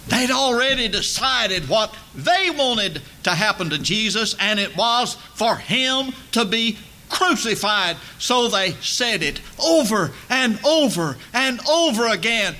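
A man preaching a sermon, emphatic and building to loud dramatic peaks. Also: high-pitched, animated, slow pace.

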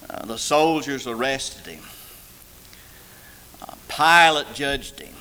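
A man preaching a sermon, rising to loud, high, stretched-out lines and then falling back low and quiet. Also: takes it slowly, rough recording.

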